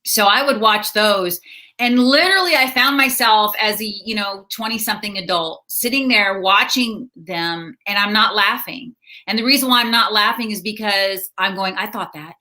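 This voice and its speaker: A middle-aged woman comedian telling stories in a casual interview, chatty and quick to laugh. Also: mid-range voice, sharp tone. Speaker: stand-up comedian and counselor.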